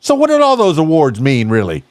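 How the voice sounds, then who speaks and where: A man's voice: on the high side, huge pitch swings, fairly quick, no room sound. A man hosting a casual podcast, playful and teasing, rambling with lots of fillers. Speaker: podcast host.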